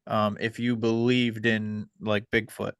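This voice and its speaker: A man hosting a podcast, talking casually and hesitantly with many pauses. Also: fairly low pitch, little pitch movement, a bit bright, smooth, no echo. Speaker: podcast host.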